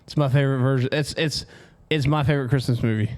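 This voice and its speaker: Male podcast co-host, mid pitch, dry deadpan wisecracker. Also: fast. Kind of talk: casual chat.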